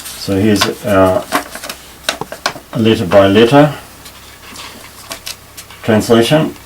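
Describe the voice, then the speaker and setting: A very deep-voiced man talks slowly through a Hebrew language lesson, pausing and restarting as he explains. He sits a little back from the microphone. A faint hiss of room noise runs under his voice. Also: recorded from a distance. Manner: unhurried, halting, with frequent fillers and restarts. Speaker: Hebrew teacher.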